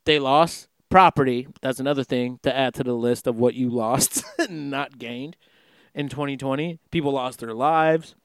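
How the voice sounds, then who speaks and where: A man's voice: medium pitch, moderate pace, clear, resonant tone, no room sound. A man chatting casually in a rambling, profane way, laughing through his story. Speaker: vlogger. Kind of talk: casual chat. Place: Los Angeles.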